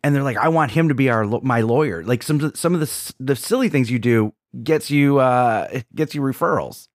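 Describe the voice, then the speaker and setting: Male podcast host, mid-pitched, conversational, dry close sound. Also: normal speed, no room sound. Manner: conversational, leads the guest with questions. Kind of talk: casual interview chat.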